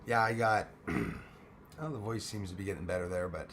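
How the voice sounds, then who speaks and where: A man hosting a live stream in a hoarse, worn-out voice that sits low in pitch. He keeps everything quiet and held back, chatting casually with viewers. A faint hiss of noise sits underneath. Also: moderate pace. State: hoarse, losing his voice.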